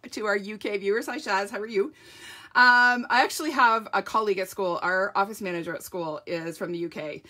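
A bright-toned woman leads a live crafting demo from her home craft room. She chats casually and laughs often, and her voice is a little croaky from a runny nose. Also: mid-range voice. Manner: chatty, laughs often, says "like". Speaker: papercraft demonstrator.

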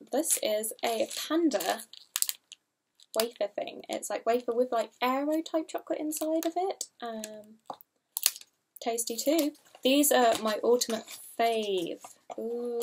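A woman's voice: a little high, noisy background. Chatty young woman vlogging. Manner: chatty, rambling, giggly, unsure of product names. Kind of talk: casual haul video.

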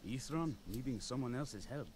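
A man's voice: medium pitch, expressive, normal speed, darkish tone, close to an everyday voice. An actor playing a stern grown male vampire hunter in a video game, speaking in clipped, serious lines. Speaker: game character.

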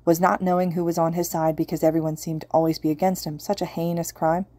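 A woman narrating a story in a steady audiobook style. Her voice is low and mellow. The recording is close and dry. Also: fast, dry recording. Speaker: podfic reader.

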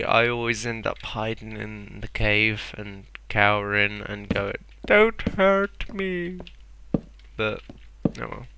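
A man's voice: on the low side, vocal fry, sharp tone. A young man rambling and mocking himself as he plays a block-building game. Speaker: gameplay commentator. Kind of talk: casual Let's Play commentary.

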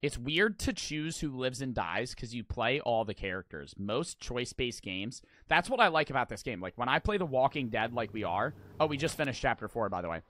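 A man commentating a horror game as he plays, excitable and joking, with plenty of swearing. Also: medium pitch, fairly quick, few pauses. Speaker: gaming streamer. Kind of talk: gameplay commentary. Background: game music.

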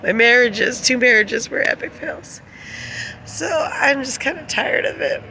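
A woman's voice: fairly high pitch, a little slow, creaky, sharp tone, a little hiss or hum. A middle-aged woman vlogging, telling rambling personal stories in a casual way, laughing often and swearing freely. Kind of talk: casual storytelling to camera.

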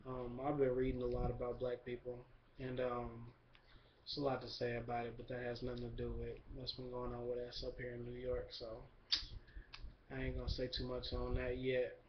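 A young man giving a relaxed, rambling video update, full of fillers and shout-outs. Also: medium pitch, normal speed, a little hiss or hum. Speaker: vlogger. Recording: dull lo-fi camera recording.

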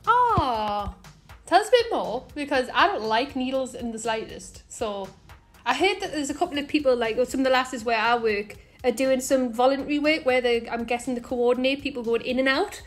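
A woman's voice: sits high, expressive, moderate pace, faint music behind. A young woman with a Sunderland accent, co-hosting a podcast with bubbly, teasing chat. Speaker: podcast co-host. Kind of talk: casual chat.

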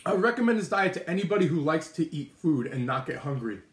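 He's an animated fast talker with a voice on the high side, hosting a live stream where he eats and chats casually with his mouth full while answering viewer comments. The setting is an echoey indoor kitchen with an oven and microwave.

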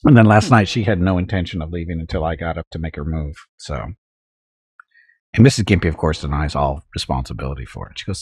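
A man's voice: low-pitched, expressive, brisk, breathy edge. A man streaming a strategy game, telling a rambling home story with frequent chuckles, then talking through his moves. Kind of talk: casual gameplay chat.

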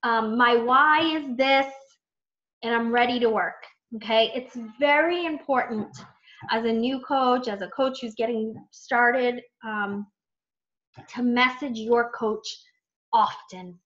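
A woman coaching new team members on a training call, chatty and animated, full of fillers and acted-out self-talk. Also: fairly high pitch, takes it slowly. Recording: muffled lo-fi call audio.

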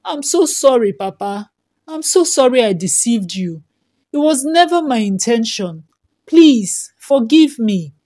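A woman voicing a young wife who speaks calmly but firmly, at times pleading. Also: a little high, a little slow. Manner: calm but firm, pleading.

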